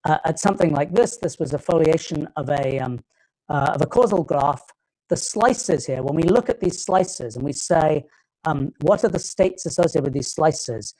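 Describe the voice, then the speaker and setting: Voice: medium pitch, a little mellow, low-quality recording. A lecturer with a British accent giving a live technical talk, often stopping and restarting phrases while thinking aloud.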